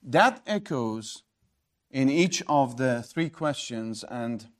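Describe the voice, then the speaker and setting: A man preaching a sermon, emphatic and swinging between loud and hushed delivery, asking rhetorical questions and calling his listeners friends. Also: mid-range voice, expressive, slow pace.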